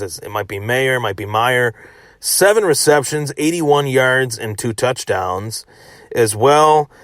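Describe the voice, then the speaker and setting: A man's voice: mid-range voice, a bit bright, dry recording, clean studio sound. A man hosting a solo sports podcast, giving a chatty recap that often repeats and restarts phrases. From Western New York.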